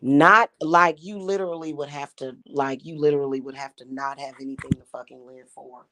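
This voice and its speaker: Blunt and scornful, a young spiritual reader and vlogger delivers an angry, profane rant. She speaks at a measured pace in a deep, slightly bright voice, with a little hiss or hum on the recording.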